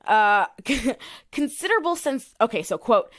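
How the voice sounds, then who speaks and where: Animated woman chatting on a podcast. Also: medium pitch, unhurried. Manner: animated, many fillers, swears casually. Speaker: podcast co-host. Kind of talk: casual chat, retelling a case from notes.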